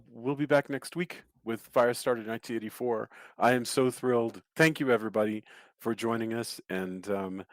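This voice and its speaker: A man hosting a podcast, talking in a relaxed, casual way. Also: mid-range voice, no room sound. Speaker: podcast host. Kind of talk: casual chat.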